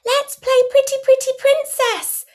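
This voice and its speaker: Woman putting on a shrill, demanding little girl. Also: sing-song, slow pace, exaggerated voice. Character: stubborn little girl throwing tantrums.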